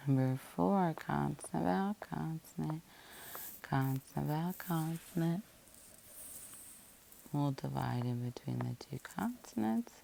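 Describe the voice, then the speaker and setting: Slow gravelly-voiced woman teaching phonics. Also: low voice, animated, mellow, slight background noise. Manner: patient, methodical, spells words out letter by letter. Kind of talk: slow phonics lesson, syllable by syllable.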